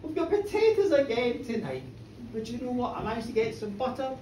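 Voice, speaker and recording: A man voicing a gentle, serene ghost wife who talks in a homely, soothing way. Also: very high-pitched, very animated, brisk. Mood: cheerful. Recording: echoey bar, distant mic, faint noise.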